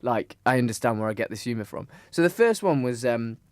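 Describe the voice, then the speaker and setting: Young male podcast co-host, middle pitch, dry close sound, rambling casual storyteller full of "um"s and restarts. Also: lively intonation, a little fast, no echo. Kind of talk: casual chat.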